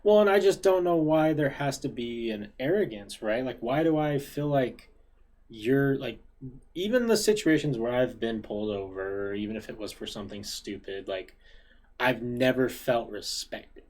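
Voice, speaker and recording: A man's voice: mid-range voice, lively intonation, moderate pace, darkish tone. A man hosting a casual podcast, talking earnestly and asking pointed rhetorical questions. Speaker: podcast host.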